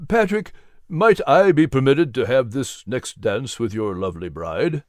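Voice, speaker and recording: A man voicing a gracious older gentleman in a storybook reading, courtly and unhurried. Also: mid-range voice, expressive, dry recording, clean studio sound, close to an everyday voice.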